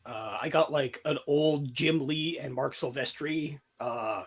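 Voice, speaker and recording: Husky-voiced man telling stories. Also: mid-range voice, measured pace. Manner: animated storyteller, swears freely. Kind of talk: casual podcast chat.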